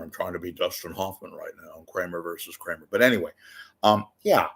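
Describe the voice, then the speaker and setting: This commentary vlogger has a low, creaky, slightly bright voice and talks fairly quickly into the camera. Seated in a home room with a TV monitor behind, he offers rambling, jokey commentary, swearing, digressing and slipping into silly voices.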